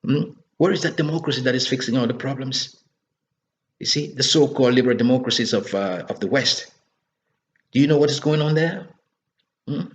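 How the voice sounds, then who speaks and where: A man's voice: mid-range voice, a little fast, long pauses. A man delivering an impassioned political monologue, scolding and asking rhetorical questions again and again. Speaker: political commentator. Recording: dull lo-fi recording.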